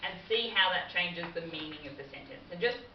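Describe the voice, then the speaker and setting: In a training room, a woman with a low-leaning voice briskly and amiably explains workplace communication in a classroom training session. The mic sits far off, so the recording is dull and roomy with a little hiss or hum.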